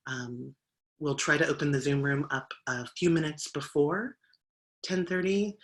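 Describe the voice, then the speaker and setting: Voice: mid-range voice, fairly even intonation, measured pace. A minister speaking to an online congregation, thanking helpers and giving announcements in a loose, conversational way with fillers. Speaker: minister leading the service. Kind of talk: spoken service announcements.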